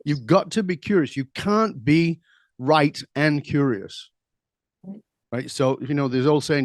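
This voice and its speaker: Animated, somewhat high-voiced male guest. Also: no echo, clean studio sound. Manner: animated, laughs easily, quick asides. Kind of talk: conversational storytelling.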